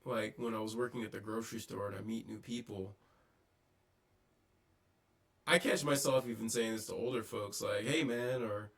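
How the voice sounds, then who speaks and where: Gravelly, halting man talking to camera. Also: on the low side, steady tone, a bit bright. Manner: halting, many ums and restarts. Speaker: vlogger. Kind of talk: casual reflective monologue. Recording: distant mic, poor audio.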